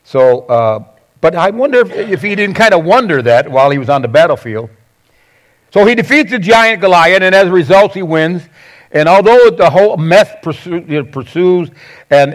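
Middle-aged male pastor, slightly high voice, conversational sermon delivery with lively storytelling. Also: rough recording. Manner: conversational, animated storytelling with repeated phrases.

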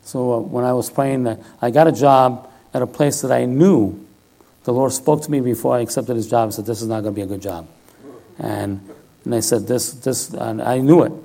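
Gravelly older man preaching with rough fry. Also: mid-range voice, normal speed, dark tone. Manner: conversational, repeats "all right?" often. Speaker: lay preacher. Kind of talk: sermon.

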